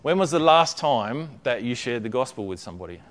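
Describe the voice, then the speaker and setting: A man's voice: mid-range voice, animated, brisk, a little hiss or hum. A man preaching a conversational sermon, often checking in with his listeners and repeating words as he builds a point.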